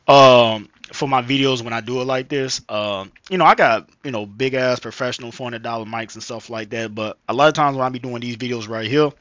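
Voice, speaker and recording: A man's voice: mid-range voice, fairly quick, few pauses, fairly bright tone, no echo, dull audio. A man vlogging casually into a headset mic, rambling with slang, profanity and lots of fillers. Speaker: vlogger reacting to a video. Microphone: gaming headset microphone.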